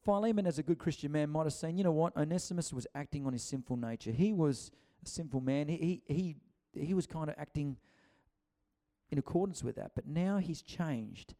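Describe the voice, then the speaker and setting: A man's voice: a little high, a little fast, mellow. A man preaching a conversational sermon, acting out quotes and often restarting his sentences. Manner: chatty, acts out quotes, many restarts.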